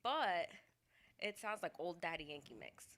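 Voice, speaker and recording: Bright-voiced woman giving a hesitant review. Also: lowish voice, expressive, normal speed. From Dominican family. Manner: hesitant, lots of likes and ums. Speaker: guest giving a song review. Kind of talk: casual spoken review.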